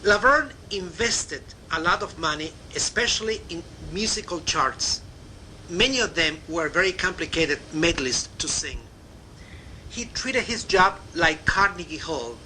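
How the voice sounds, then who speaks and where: An older man with a Cuban accent telling backstage memoir stories in a warm, chatty way. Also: a little high, expressive, measured pace, slight background noise, low-quality recording. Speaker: narrator. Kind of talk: memoir storytelling.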